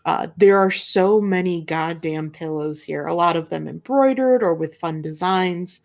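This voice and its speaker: A young woman narrating a tabletop role-playing game as game master, describing scenes in a relaxed, meandering way. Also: fairly low pitch, unhurried, gravelly. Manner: relaxed, filler-heavy description.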